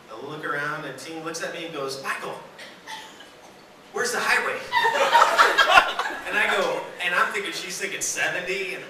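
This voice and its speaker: A man doing stand-up at a work dinner, telling animated stories and acting out exasperated quotes. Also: high-pitched. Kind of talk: stand-up storytelling. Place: dinner hall. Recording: echoey room from far off with noise.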